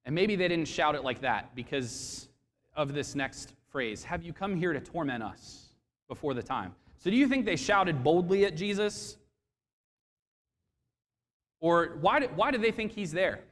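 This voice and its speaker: A man preaching a sermon to a congregation, expressive and questioning, acting out quoted voices as he goes. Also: high voice, takes it slowly, pauses often, long reverb tail. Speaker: pastor. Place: church sanctuary.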